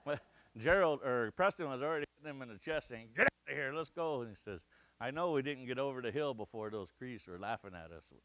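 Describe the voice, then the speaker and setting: A middle-aged man from Montana's Crow Nation giving a lecture, telling a funny story with lively acted-out shouts and quoted voices. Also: mid-range voice, brisk, no room sound. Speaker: guest lecturer. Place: lecture hall.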